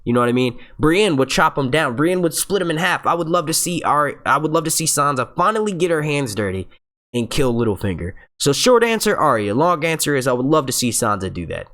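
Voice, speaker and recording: A man's voice: on the high side, sing-song, fairly quick, fairly bright tone. A young man hosting a casual live stream, profane and hyped, stuttering and restarting often as he urges viewers on. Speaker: livestream host.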